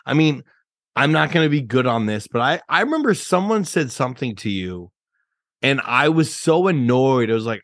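A man's voice: mid-range voice, sing-song, normal speed, fairly bright tone, no echo. Young guy hosting his podcast, blunt, swears a lot, dry close sound. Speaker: podcast host. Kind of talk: casual chat.

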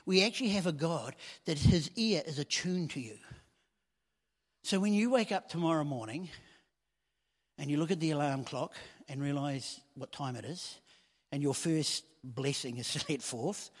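A man preaching a sermon in a conversational way that swells into loud emphasis. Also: on the high side, expressive, normal speed. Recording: long hall reverb.

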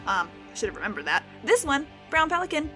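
Lively, playful young woman podcaster. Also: sits high, quick pace, soft background music. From United States. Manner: playful, self-mocking, stumbles over words. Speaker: podcast host. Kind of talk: casual solo podcast.

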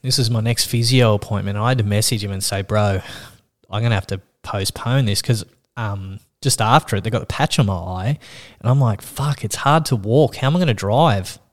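A man spins a rambling anecdote in casual podcast chat. He swears often and slips into lively impressions of the people he quotes. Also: fairly low pitch, brisk. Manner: animated, swears freely, acts out quoted voices. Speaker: podcast host.

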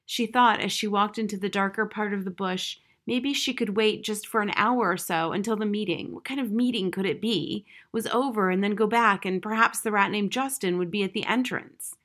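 A woman's voice: medium pitch, moderate pace, hardly any pauses, fairly bright tone. Woman reading a children's novel aloud. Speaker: narrator. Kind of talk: audiobook reading.

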